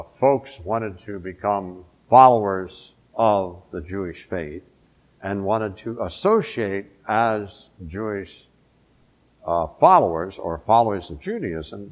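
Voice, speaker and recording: A middle-aged man preaching a sermon in a conversational way, asking his listeners questions as he goes. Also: fairly low pitch. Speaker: pastor.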